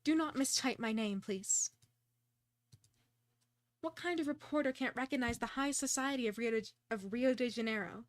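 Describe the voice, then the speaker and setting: A woman plays a self-important high-society widow in a detective game. She drawls every line with grand, slow theatricality, and her pitch sits high above the woman's usual voice. The recording is close and dry. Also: no room sound, close to an everyday voice. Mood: haughty. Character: haughty high-society widow, sister of the deceased.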